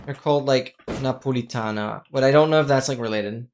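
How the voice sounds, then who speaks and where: A game streamer chatting casually during a live gameplay stream, excitable, exclaiming often and thanking viewers. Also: medium pitch, a little fast, a little hiss or hum.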